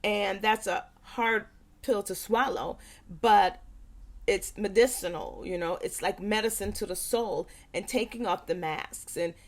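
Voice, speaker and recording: A woman parent educator speaking earnestly to parents, stressing points by repeating them and acting out quick quoted lines. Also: mid-range voice. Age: young adult. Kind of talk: talking to parents.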